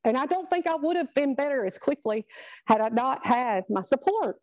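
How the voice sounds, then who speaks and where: A woman's voice: sits high, expressive, normal speed, dry recording, rough recording. A middle-aged woman, giving a chatty, earnest motivational talk to a live group. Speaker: speaker at a product training.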